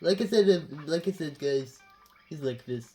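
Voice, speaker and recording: A woman voicing a dry, matter-of-fact companion who guides the player with flat remarks. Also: low-pitched, moderate pace, soft background music, voice pushed down.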